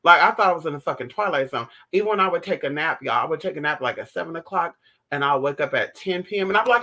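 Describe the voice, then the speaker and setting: A man chats casually with his livestream viewers, sassy and profane, calling them honey. His voice sits a little high and sounds bright and forward. His pitch leaps around constantly, with theatrical flair. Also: animated, fast. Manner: theatrical outbursts while retelling stories. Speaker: livestream host answering viewer chat.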